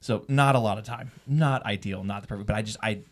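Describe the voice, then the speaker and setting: A man's voice: fairly low pitch, fast talker. A man sharing his marriage story in a candid interview, rambling with many restarts. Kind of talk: candid personal testimony in an interview.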